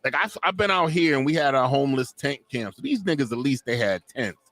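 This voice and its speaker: Lively storytelling man, dry mic. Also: medium pitch, brisk, no echo. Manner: animated storytelling, slangy. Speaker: co-host reacting to videos. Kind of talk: casual profane chat.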